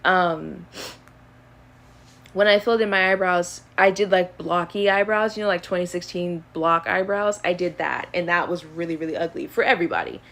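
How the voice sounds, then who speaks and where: A woman's voice: on the low side, moderate pace, creaky, fairly bright tone. A woman in her early twenties chatting casually on a live stream, rambling and easygoing, with lots of fillers as she answers questions. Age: early 20s.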